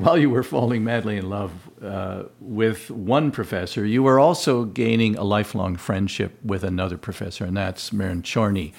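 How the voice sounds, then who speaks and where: A man's voice: fairly low pitch, gravelly, a little mellow, husky. A man interviewing a guest, asking long winding questions with light chuckles.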